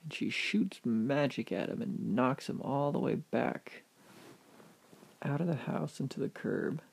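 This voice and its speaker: Gravelly man telling an animated story. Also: medium pitch, measured pace. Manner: animated, vivid narration. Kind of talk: oral storytelling.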